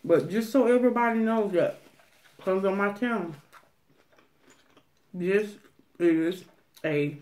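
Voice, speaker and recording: A woman's voice: fairly low pitch, a little mellow. A middle-aged woman, talking casually to camera on an eating channel, emphatic and preachy with many restarts. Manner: emphatic, preachy, drawn-out phrases with repeated restarts. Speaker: mukbang vlogger.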